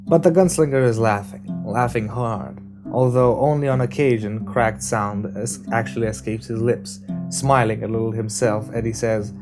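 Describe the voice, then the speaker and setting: A man reading a novel aloud as an amateur audiobook, narrating in a steady, measured way. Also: fairly low pitch. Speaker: reader. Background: guitar music.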